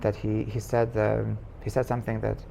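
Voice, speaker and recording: A male rabbi leads an informal class, narrating a story with lots of false starts and repeated words. His voice is gravelly and creaky. A faint hiss runs under the recording. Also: fairly low pitch. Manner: halting, many restarts, animated when telling the story. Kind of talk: casual storytelling lesson.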